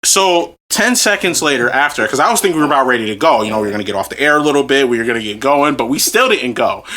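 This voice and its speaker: A man's voice: medium pitch, lively intonation, quick pace, bright, forceful tone. A man co-hosting a podcast, telling a story in a casual, comedic way, laughing through it and swearing freely. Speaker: podcast co-host.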